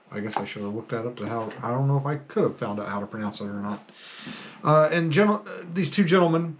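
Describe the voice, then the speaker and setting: A man's voice: medium pitch, highs cut off. Rambling, hesitant man telling stories. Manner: rambling, hesitant, many fillers and restarts. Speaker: podcast host. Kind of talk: casual storytelling monologue.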